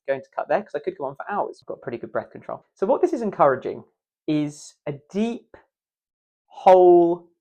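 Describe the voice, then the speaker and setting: A man's voice: a little high, muffled recording. A man teaching breath work for speaking, playful and demonstrative, with self-mocking asides. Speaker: voice coach. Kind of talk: instructional video.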